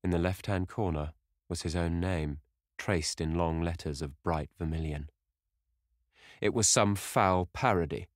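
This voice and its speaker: A man narrating an audiobook in a measured, dramatic reading style. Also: sits low, no echo, clean studio sound. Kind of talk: scripted narration.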